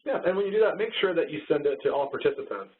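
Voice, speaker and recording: A Texan man co-hosts a casual training webinar, easygoing and laughing along at jokes, over tinny, phone-like audio. His voice is on the high side and expressive, and he talks very fast.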